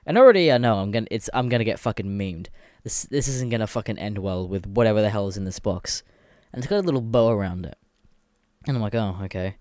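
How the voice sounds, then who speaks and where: A man's voice: fairly low pitch, expressive, fast, darkish tone, no room sound, studio quality. A young Australian man hosting a podcast alone, chatting in a rambling, sweary way and laughing often. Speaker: podcast host. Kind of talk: casual solo chat.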